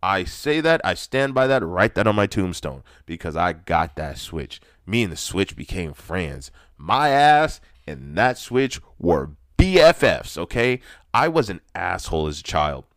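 Male podcast host with a lowish voice, recorded dry, ranting through personal stories with lots of swearing and rising excitement. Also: a little slow, no echo. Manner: profane, animated, loud when excited. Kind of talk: ranty personal storytelling monologue.

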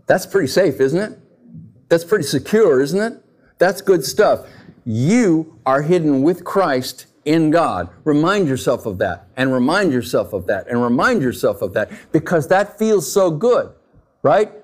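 Male pastor, slightly high voice with a wide lively range, conversational sermon full of rhetorical questions. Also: moderate pace.

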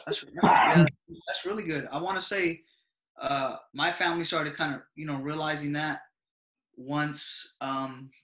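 A man's voice: a little high, steady tone, measured pace, echoey room, a crowd in the background. A young man in casual podcast chat, telling stories with lots of slang and frequent laughs. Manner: laid-back slang-heavy storytelling, laughs often. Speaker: podcast host.

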